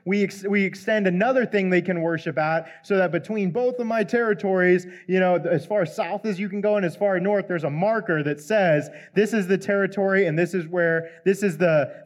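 A man preaching in a casual, conversational way, retelling a Bible story and briefly voicing the people in it. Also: high-pitched. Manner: conversational, acts out the characters' lines in quick asides.

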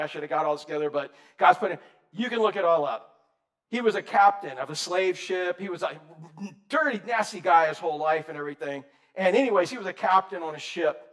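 A man preaching an informal sermon to a men's group, folksy and rambling, swinging between loud and soft. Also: high-pitched. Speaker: preacher leading a men's Bible study.

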